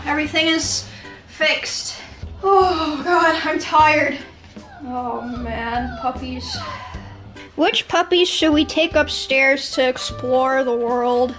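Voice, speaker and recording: A woman with a high-pitched voice chats casually through her day at home. She talks to puppies in a playful, excitable way, coaxing and scolding them. Soft music plays faintly underneath. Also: takes it slowly, rough recording. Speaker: streamer vlogging her day. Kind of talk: casual vlog chat.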